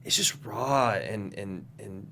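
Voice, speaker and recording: A man's voice: fairly low pitch, takes it slowly, sharp tone, slight background noise. A man co-hosting a casual movie-ranking podcast chat, enthusiastic and rambling with restarts. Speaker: podcast co-host.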